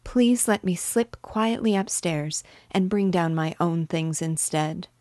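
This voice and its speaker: A woman's voice: lowish voice, takes it slowly, dark tone, dry recording, studio quality. A woman voicing a kind, polite little girl in a storybook reading. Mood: pleading. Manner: earnest and polite.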